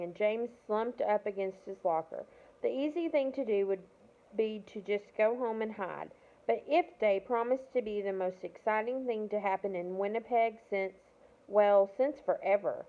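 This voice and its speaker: A woman's voice: medium pitch, normal speed. A woman reading a children's novel aloud, now and then stumbling and correcting herself. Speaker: reader of a novel. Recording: tinny phone-like audio.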